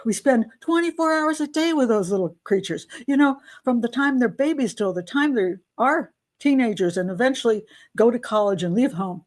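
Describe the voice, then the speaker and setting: A woman's voice: on the high side, expressive, normal speed, darkish tone. Older american lady doing a chatty advice talk to camera, easy and rambly. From United States. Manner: chatty, with asides and laughs. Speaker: advice show host. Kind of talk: casual advice monologue.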